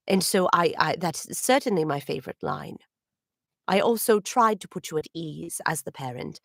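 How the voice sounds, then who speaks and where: Lively, polite woman streaming from home. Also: on the low side, normal speed, no room sound, studio quality. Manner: polite, slightly formal wording; chatty, with frequent little laughs and throat clearing. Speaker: voice actor hosting a livestream signing. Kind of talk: casual livestream chat.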